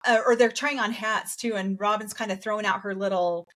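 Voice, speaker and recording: A woman's voice: medium pitch, fairly even intonation, fairly quick, a bit bright. A woman co-hosting a podcast, chatting casually and acting out quotes in other voices as she recaps a TV show. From raised in a polygamist group in the US West. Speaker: podcast co-host. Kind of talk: casual reaction chat.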